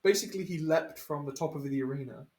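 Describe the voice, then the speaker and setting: A man's voice: fairly high pitch, fast, a little mellow. Swearing young man in an echoey room. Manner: swears a lot, laughs while telling stories. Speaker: podcast co-host. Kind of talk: casual chat.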